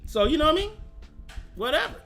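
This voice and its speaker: A man's voice: very high voice, sing-song, fast talker, a bit bright, soft background music. A man hosting a casual livestream chat, talking in a slangy, rambling way and laughing often. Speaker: host.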